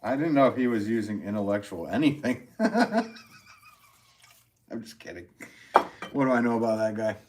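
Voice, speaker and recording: Low-voiced man chatting on a live stream. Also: sing-song, normal speed, pauses often, a little mellow, slight background noise. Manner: rambling, chuckles often while reading comments. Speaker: potter hosting a live stream. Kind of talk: casual live-stream chat with viewers.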